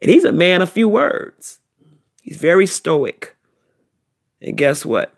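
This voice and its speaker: Middle-aged woman, emotional testimony, gravelly and husky, lively pitch. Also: slow. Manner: animated, repetitive storytelling. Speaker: vlogger, self-described prophetess.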